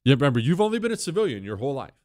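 A man's voice: mid-range voice, racing, dry recording, studio quality. A middle-aged man from Montana, hosting a talk show and telling a personal story in a wry, conversational way. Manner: conversational, wry, animated when shouting drill instructor lines. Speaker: radio talk show host. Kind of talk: storytelling monologue.

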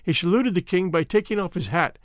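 A man narrating an adventure novel as an audiobook in an expressive, measured storytelling manner. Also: high voice, dry recording, studio quality.

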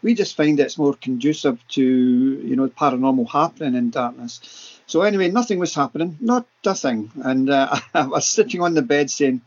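A Scottish man in his sixties, speaking at medium pitch and a moderate pace with a darkish tone, comes through on a muffled recording. As a podcast guest, he tells paranormal stories with animated enthusiasm, vivid detail and words repeated for emphasis.

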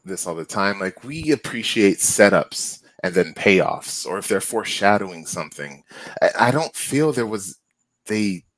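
A low-pitched man co-hosts a casual movie review podcast on a dry recording. He rambles with many fillers and restarts, and he gets animated whenever something annoys him.

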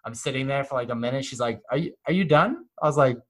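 A young man in casual chat, telling a story in an animated way, acting out the people he quotes and swearing freely. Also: mid-range voice, quick pace.

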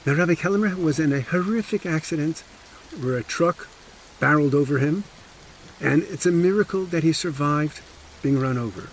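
A man's voice: a little high, normal speed, a little hiss or hum. A man narrating a true story on a podcast, emphatic with wry asides, close to the mic.

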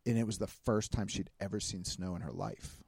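A man's voice: deep voice, steady tone, a little fast, creaky, a little mellow, husky, no echo, studio quality. A man from Pittsburgh co-hosting a podcast, chatting casually and interviewing his friend.

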